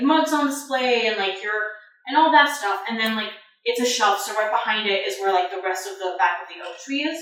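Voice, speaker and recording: A woman's voice: on the high side, a bit bright. A woman narrating as game master of a tabletop game, rambling with many fillers. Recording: echoey room, far from mic.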